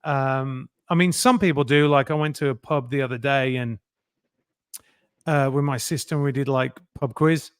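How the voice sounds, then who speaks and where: A middle-aged man, a guest telling lively anecdotes and acting out other people's lines in a casual interview. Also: medium pitch, normal speed, clean tone, no room sound, studio quality. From England.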